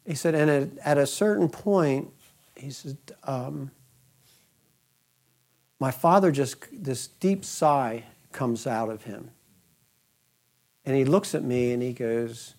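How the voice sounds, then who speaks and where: A man's voice: mid-range voice, lively intonation, takes it slowly, pauses often, darkish tone. A middle-aged man hosting a podcast, retelling another man's account and quoting him at length. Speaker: podcast host. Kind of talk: podcast storytelling.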